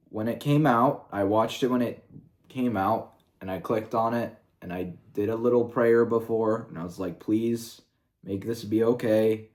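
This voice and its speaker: A man talking in a casual review vlog, rambling and swearing freely, with lots of "like" and "you know" fillers. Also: fairly low pitch. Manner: rambling and profane, heavy with fillers. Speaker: video reviewer.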